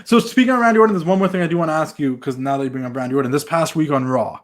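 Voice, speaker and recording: A man's voice: fairly high pitch, very fast. Chatty man asking questions. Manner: chatty, lots of likes and ums. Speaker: podcast co-host. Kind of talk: casual interview questions.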